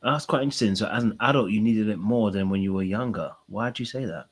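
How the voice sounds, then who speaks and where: Low-voiced man, earnest podcast host. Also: quick pace, husky. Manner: earnest, open, emotional sharing with many fillers. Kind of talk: podcast interview.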